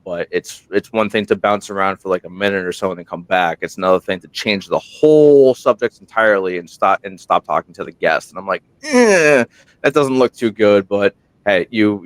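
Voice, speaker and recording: Rambling deep-voiced man telling a story. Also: brisk, hardly any pauses, no room sound. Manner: rambling, animated retelling with quoted voices. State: tired at night. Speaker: podcast host, guest. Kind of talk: casual interview storytelling. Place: remote room while on military deployment. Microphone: single portable microphone.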